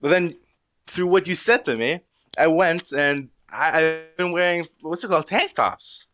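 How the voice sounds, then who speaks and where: Rambling teenage boy with a high voice. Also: animated, measured pace, fairly bright tone. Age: teens. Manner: rambling, enthusiastic, uses slang. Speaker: caller. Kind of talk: casual call-in chat.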